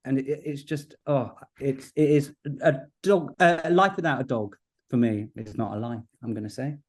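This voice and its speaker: A man, a guest in a casual podcast chat, telling stories in a lively way and laughing often. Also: mid-range voice. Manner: chatty, quick to laugh, animated storytelling. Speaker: guest broadcaster.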